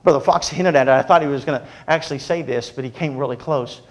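Preaching a sermon at a fast clip in a medium-pitched voice, a man shifts from funny storytelling into earnest, quieter exhortation.

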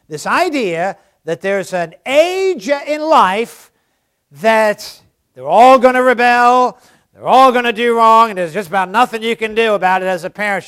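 A man preaching a sermon, emphatic and given to repeating key phrases, swinging between loud stresses and hushed asides. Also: sits high.

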